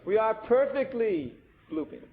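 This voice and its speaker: A man giving a scripture lecture as a sermon, telling it with animated storytelling and sarcastic asides. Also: high voice, unhurried. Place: temple lecture hall. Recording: tinny lo-fi 1980 tape with faint hiss.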